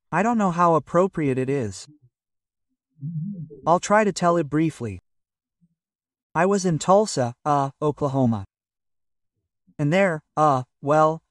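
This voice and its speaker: A man's voice: on the high side, no echo. Older man from russia chatting in an interview, umms and "so to speak" everywhere, mic kinda far off, dry sound. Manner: hesitant and rambling, full of fillers like "so to speak" and "well". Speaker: magazine editor and publisher, interview guest. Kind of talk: casual conversational interview.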